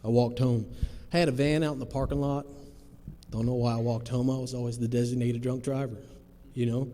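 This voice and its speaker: A man's voice: mid-range voice, level tone, fairly quick, warm tone. A man in his thirties giving a plain-spoken, earnest personal testimony to a recovery group, telling his story in folksy phrasing. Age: 30s. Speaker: testimony speaker. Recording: long hall reverb, faint noise.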